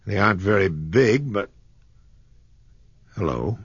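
Man playing an eager, excitable young man. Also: lowish voice, slow, breathy edge, no echo, muffled recording, pitched above the performer's own voice, full character voice. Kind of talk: audiobook character voice.

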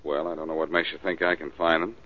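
An actor in an old radio drama playing a cocky, wisecracking reformed-thief detective. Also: male voice, extremely low pitch, little pitch movement, fast talker. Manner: dry wisecracks, easygoing. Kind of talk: 1940s radio acting. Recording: dull old radio broadcast.

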